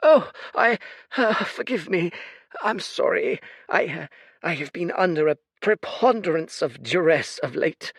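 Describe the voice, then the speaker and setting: Man putting on a tired, teary old seer: high, quavering croak, dry close sound. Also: expressive, a little slow, no room sound, heavily acted. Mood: weary, sorrowful. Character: old weary male seer, teary and sorrowful.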